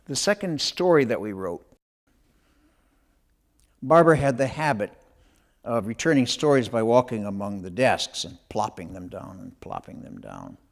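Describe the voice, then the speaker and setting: Older male author, memoir storytelling; animated delivery, moderate pitch with a wide, lively range. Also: unhurried, vocal fry, pauses often.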